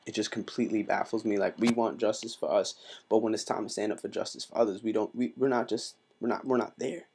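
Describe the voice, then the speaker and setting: Impassioned husky man, gravelly low voice. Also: fairly even intonation, fast, a little mellow. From Mexico. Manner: impassioned, emphatic, repeats himself. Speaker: vlogger. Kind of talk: casual commentary vlog.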